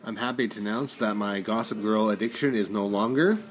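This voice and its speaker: A man's voice: lowish voice, brisk. A man co-hosting a casual podcast, rambling with restarts and laughing easily. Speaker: podcast co-host. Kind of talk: casual chat.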